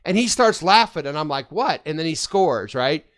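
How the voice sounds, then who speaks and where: A man hosting a casual fan podcast, running a trivia game and telling stories with quick laughs. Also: a little high. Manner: animated storyteller, quick laughs. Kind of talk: casual group chat.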